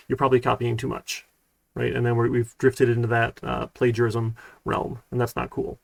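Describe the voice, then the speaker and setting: Gravelly relaxed man teaching programming. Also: medium pitch, moderate pace, no echo. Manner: relaxed, rambling, lots of fillers. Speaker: college programming instructor. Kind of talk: casual live-streamed lecture.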